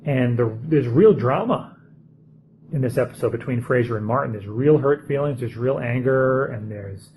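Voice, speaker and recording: Man, casual TV commentary, chatty, mid-pitched voice, faint hum behind. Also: normal speed, a little mellow, poor audio. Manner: chatty, thinking aloud with fillers. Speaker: TV show reviewer.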